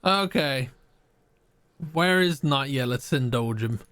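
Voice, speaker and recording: A man's voice: medium pitch, lively intonation, takes it slowly, fairly bright tone, clean tone, no echo. A man streaming a game live, reading choices aloud and joking with his chat.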